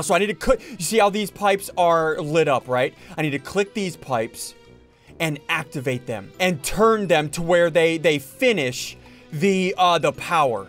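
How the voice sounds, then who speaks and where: Man, gaming host, excitable play-by-play, high voice, very lively pitch. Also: normal speed, faint music behind. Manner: excitable, narrates his own moves, yelps and shouts when panicking. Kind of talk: Minecraft let's-play commentary.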